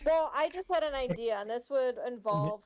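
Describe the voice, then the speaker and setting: A woman's voice: high-pitched, animated, normal speed. A woman playing in a tabletop game, tentatively thinking aloud with many fillers. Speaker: player.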